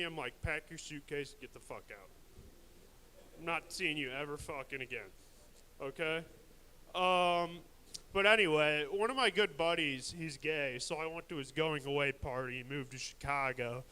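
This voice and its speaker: A man's voice: on the high side, pushed and bright, smooth, poor audio. A young man doing a crude, rambling stand-up set at a live open mic, mocking himself along the way.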